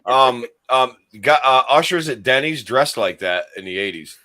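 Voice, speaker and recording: A man's voice: mid-range voice, lively intonation, moderate pace, bright, forceful tone. A man from upstate New York co-hosting a podcast, telling a rambling childhood story in casual chat. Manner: rambling, storytelling, lots of fillers. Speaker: podcast co-host.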